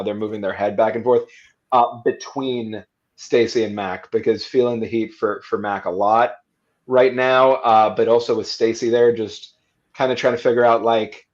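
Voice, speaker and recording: A man narrating his character's actions in a tabletop role-playing stream, halting with many fillers and restarts. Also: mid-range voice, a little mellow, lo-fi sound. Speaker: player.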